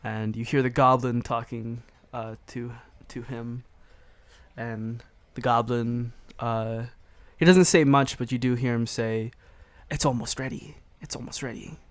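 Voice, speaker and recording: A man narrating a tabletop game as game master, halting and correcting himself as he goes. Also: medium pitch, fairly even intonation.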